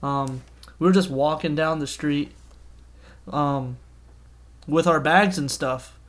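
Laid-back man chatting on a podcast. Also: a little high. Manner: relaxed, with frequent "um" pauses. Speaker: podcast co-host. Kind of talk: casual storytelling chat.

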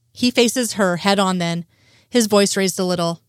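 A woman reading a romantic story aloud in a steady narrating voice. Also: mid-range voice, moderate pace, clear, resonant tone, dry recording, studio quality. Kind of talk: reading fan fiction aloud.

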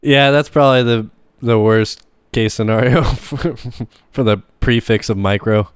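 A man's voice: medium pitch, unhurried, smooth, dry recording, studio quality. A man co-hosting a podcast, rambling through ideas in casual chat and laughing often. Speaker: podcast co-host.

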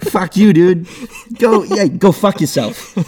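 A man's voice: high-pitched, takes it slowly, pitched above the performer's own voice. A man putting on a bad Boston accent as an aggressive, swearing bro. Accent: mock Boston. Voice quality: loud, laughing, shouting.

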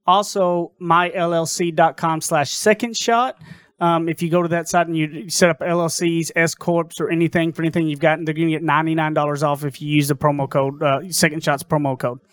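A man's voice: fairly high pitch, flat delivery, brisk, fairly bright tone, no room sound. A man co-hosting a podcast, joking around and reading sponsor plugs in a casual way. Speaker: podcast co-host.

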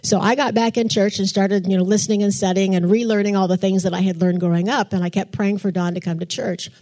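An older woman gives a testimony to a church group. She talks in a chatty, storytelling way and acts out her own past thoughts as she goes. Her voice sits at a middle pitch. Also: steady tone, quick pace, dark tone. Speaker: church speaker. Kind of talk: testimony sermon.

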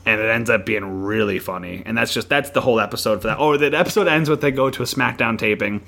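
A man co-hosting a podcast, chatting casually and retelling a show with animated storytelling. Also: on the low side, quick pace, creaky. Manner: animated storytelling with playful impressions. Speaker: podcast co-host.

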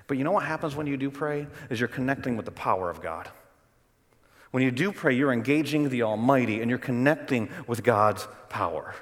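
A middle-aged man preaches a sermon in a church, his medium-pitched voice carrying a long hall reverb. He tells the story dramatically, moving from loud, urgent bursts down to hushed, quiet lines. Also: expressive, a little fast. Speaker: pastor.

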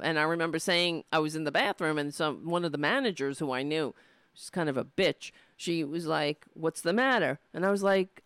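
A woman's voice: lowish voice, a bit bright, clean tone, dry recording. A woman ranting to camera, indignant and rambling, with frequent restarts and swearing. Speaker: political vlogger. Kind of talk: casual ranting monologue to camera. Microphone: camera mic.

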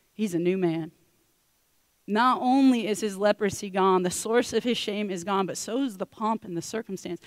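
A woman preaching a sermon in a lively storytelling way, acting out the characters with casual slang. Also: medium pitch, dry recording. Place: church.

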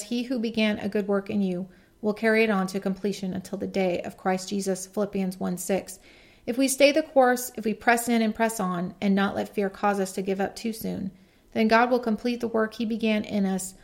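A woman speaks in an earnest, reflective tone, delivering a devotional message. Her voice has a gravelly edge and sits at a middle pitch. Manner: earnest, reflective, reads quotes aloud. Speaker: podcast speaker.

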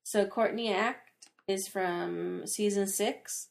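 A young woman in casual podcast chat with a gravelly, creaky edge to her voice. She talks in a chatty, playful way, often giggling, at an ordinary middle pitch. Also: fairly even intonation, slow. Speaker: podcast co-host.

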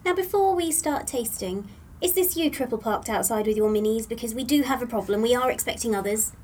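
A woman's voice: fairly high pitch, a little fast, darkish tone, a little hiss or hum. A woman scientist guest doing comedy improv in a dry, teasing way.

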